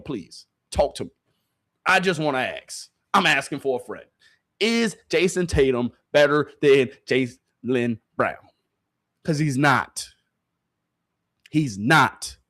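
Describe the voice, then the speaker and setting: Speaking straight to his stream chat in slang, a host delivers heated, repetitive, animated sports commentary. His voice is on the high side.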